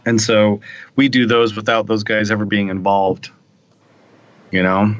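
A man with a fairly low voice rambles through work stories on a podcast, often asking for a quick nod of agreement. His mic sounds dull and lo-fi. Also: level tone, no room sound. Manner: chatty, rambling, checks in with "right?". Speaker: podcast panelist. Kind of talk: casual technical discussion.

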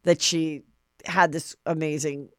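A woman's voice: deep voice, little pitch movement, unhurried, dry recording, studio quality. A woman hosting a podcast, chatting casually in a loose way with lots of "like" and "um". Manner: loose, filler-heavy talk. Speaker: podcast host. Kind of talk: casual chat.

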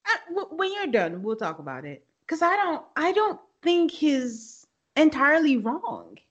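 A woman's voice: sits high, very animated, measured pace, lo-fi sound. A woman co-hosting a podcast in casual chat, giving frank opinions and laughing easily. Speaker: podcast co-host.

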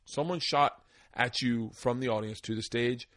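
A male comedian telling stories in a casual, rambling way, swearing freely and slipping into animated voices. His pitch sits mid-range, and the sound is dry and close. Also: normal speed, no room sound. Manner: rambling storyteller, profane, animated impressions. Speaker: podcast host, stand-up comedian. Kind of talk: casual chat. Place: home man cave.

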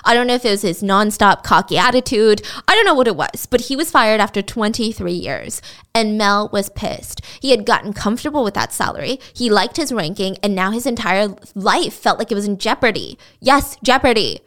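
A woman's voice: medium pitch, expressive, fairly quick, a bit bright. A young adult woman telling a true crime story in a chatty, blunt style with sarcastic asides. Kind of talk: casual storytelling narration.

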